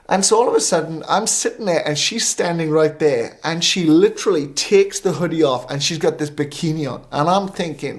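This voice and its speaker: Middle-aged guy minister telling a story, kinda high voice, lots of ums and restarts. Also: moderate pace, hardly any pauses. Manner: lively anecdotal storytelling with many fillers. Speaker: guest minister. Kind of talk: storytelling in a talk show interview.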